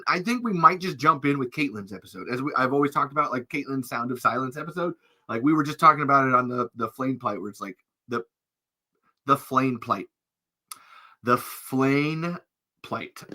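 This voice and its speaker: Bright-voiced chatty male podcast host. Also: fairly high pitch. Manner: rambling, animated, laughs often. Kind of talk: casual chat.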